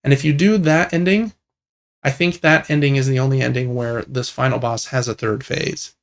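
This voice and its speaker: A young man co-hosting a casual gaming podcast, talking in a relaxed, rambling and enthusiastic way. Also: mid-range voice, moderate pace. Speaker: podcast co-host.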